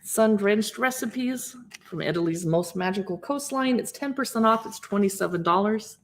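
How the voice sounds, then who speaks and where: A woman's voice: mid-range voice, expressive, normal speed. A woman in her fifties hosts a casual livestream, chatting as she pages through a cookbook, reading recipe names aloud and greeting viewers. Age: 50s. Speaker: livestream host.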